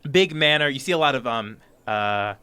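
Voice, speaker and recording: A man's voice: mid-range voice, lively intonation, normal speed, pushed and bright, clean tone. A man narrating as game master in a tabletop game, rambling with many ums and restarts. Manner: rambling, lots of fillers and restarts.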